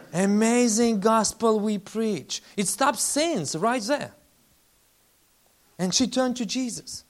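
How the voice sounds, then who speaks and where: A man, a faith-based relief leader giving a lively testimony talk with slides and acting out the people he quotes. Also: high-pitched. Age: 40s. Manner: animated storyteller, acts out quoted voices.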